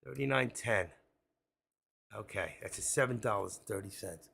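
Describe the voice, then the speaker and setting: A man giving excitable, frantic live commentary on his options trades, talking straight to viewers. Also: lowish voice, moderate pace, gravelly, slightly rough. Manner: excitable, frantic, swears mildly, talks to viewers as folks.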